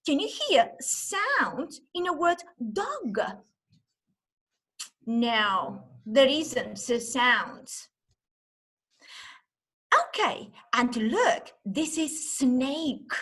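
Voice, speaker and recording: A woman giving an online teaching demonstration, talking as if to a class of young children and sounding out letters slowly and with exaggeration. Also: sits high, sing-song, bright, forceful tone, husky. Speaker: teacher trainer. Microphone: video call.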